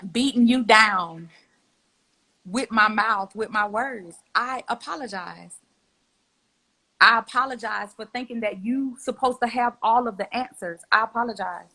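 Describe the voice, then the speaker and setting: A woman's voice: fairly high pitch, bright, forceful tone, low-quality recording. A young adult woman giving a heartfelt spoken apology, earnest and emotional, repeating herself. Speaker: guest.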